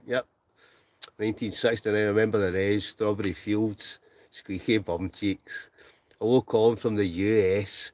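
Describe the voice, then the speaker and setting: Sitting in a tent, a Scottish livestream host in his forties reads aloud what his viewers comment, laughing often and slightly mumbling. He has a lowish, somewhat mellow voice, speaking steadily at a moderate pace.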